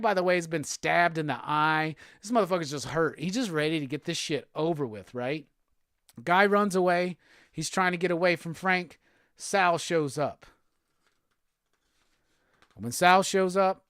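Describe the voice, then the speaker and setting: A male podcast host recapping a comic book in a casual, excitable way, swearing freely. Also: a little high, clean tone, no echo, clean studio sound. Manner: profane, excitable storytelling.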